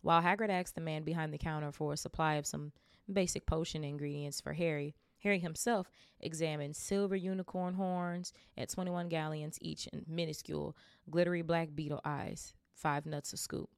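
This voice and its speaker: Low-voiced woman reading a novel aloud. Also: steady tone, moderate pace, creaky, clear, resonant tone, dry recording, studio quality. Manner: chatty, trips over names and corrects herself. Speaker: book club podcast host.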